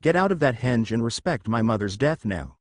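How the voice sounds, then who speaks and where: A man's voice: mid-range voice, expressive, normal speed, no room sound, clean studio sound, natural voice. A man voicing a brash, cheeky young male hero in a fan fiction reading, in a raised voice. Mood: indignant.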